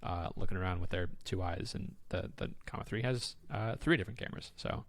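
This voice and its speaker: A man co-hosting a podcast, chatting casually and telling stories with lots of fillers, getting excitable as he goes. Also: low-pitched, fairly quick. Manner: animated, excitable storyteller with frequent fillers. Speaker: podcast co-host. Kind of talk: casual chat.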